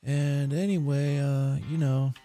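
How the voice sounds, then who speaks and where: A man's voice: medium pitch, little pitch movement, takes it slowly, warm tone, soft background music, voice pushed up, lightly acted. A man putting on a chatty flirty woman. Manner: rambling, eager, filler-heavy.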